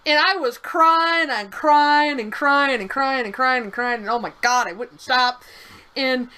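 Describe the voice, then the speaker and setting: A woman's voice: high voice, measured pace, pushed and bright, clean tone, rough recording. A young woman co-hosting a game stream, telling a rambling story with restarts and the odd swear. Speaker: streamer co-host. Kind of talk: casual chat over a game stream.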